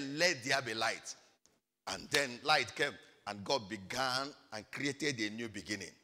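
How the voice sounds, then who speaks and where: A man preaching a sermon as pastor, swinging between hushed asides and loud, shouted exhortation. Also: on the high side. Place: large church hall. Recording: church hall reverb.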